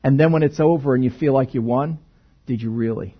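A man preaching a sermon in a conversational, animated way, asking the congregation rhetorical questions. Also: mid-range voice, brisk, breathy edge, muffled recording. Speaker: pastor.

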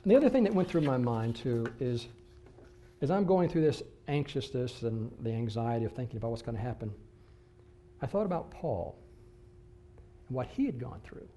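A male pastor preaching a sermon, telling a personal story in an animated way that swings between excited bursts and hushed moments. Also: mid-range voice, normal speed, long pauses, a little hiss or hum.

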